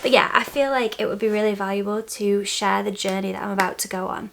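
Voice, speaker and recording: Chatty young woman with vocal fry. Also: medium pitch, steady tone, fast talker, a little hiss or hum. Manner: chatty, candid, often laughing softly. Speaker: vlogger. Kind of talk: casual chat to camera. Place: bedroom at home.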